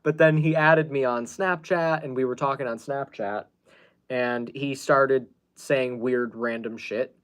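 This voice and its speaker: A man's voice: medium pitch, unhurried, fairly bright tone. Guy hosting a podcast, rambly casual storytelling, lots of ums and restarts. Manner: rambling, with many fillers and restarts. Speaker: podcast host.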